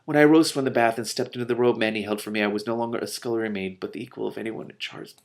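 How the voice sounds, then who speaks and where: A man's voice: medium pitch, steady tone, racing, vocal fry. A man reading a novel aloud and breaking off to react with emotional commentary. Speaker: reader and commentator.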